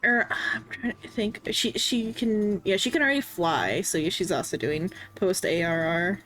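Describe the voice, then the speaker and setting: A woman's voice: mid-range voice, lively intonation, moderate pace, a bit bright, poor audio. Rambling woman streamer. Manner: rambling, with many fillers and restarts. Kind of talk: casual gaming chat.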